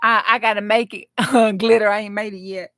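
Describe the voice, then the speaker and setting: A woman, hosting a casual craft livestream and chatting excitedly with her viewers. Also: mid-range voice, normal speed, no room sound, studio quality, faint music behind.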